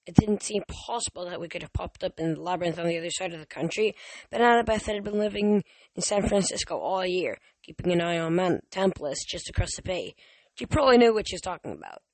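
A man's voice: sits high, expressive, fast, no room sound. A man reading a novel aloud as an amateur audiobook, often stumbling and restarting words. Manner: reads with frequent stumbles and restarts. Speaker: reader.

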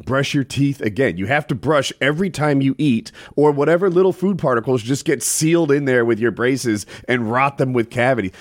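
A man's voice: mid-range voice, dry recording, studio quality. A man on a casual podcast explaining something in a chatty way, with many fillers. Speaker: podcast co-host. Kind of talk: casual chat.

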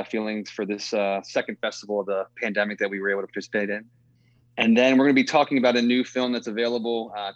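A man's voice: on the low side, no echo, lo-fi sound. A man hosting a casual movie podcast, rambling with lots of fillers and easy laughs. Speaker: podcast host.

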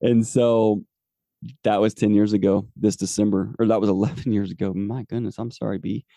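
A man's voice: on the low side, level tone, moderate pace, vocal fry, warm tone, no room sound, clean studio sound. A man in his forties, a podcast host telling a personal faith testimony in an earnest, rambling way with many fillers. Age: 40s.

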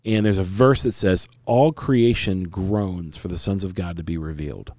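Low, mellow-voiced man telling a story. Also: moderate pace, dry recording. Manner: rambling, frank, with many restarts. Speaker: podcast host. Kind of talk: casual talk show storytelling.

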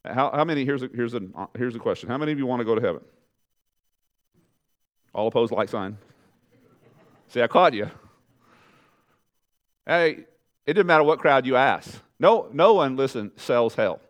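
A man preaching a sermon to his congregation, animated and conversational, talking straight to the people in front of him and dropping his voice low and soft to stress a point. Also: normal speed, pauses often. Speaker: pastor.

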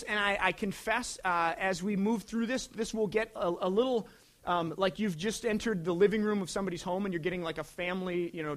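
High-voiced conversational male pastor. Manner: conversational, dynamic swings from loud to quiet. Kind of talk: sermon.

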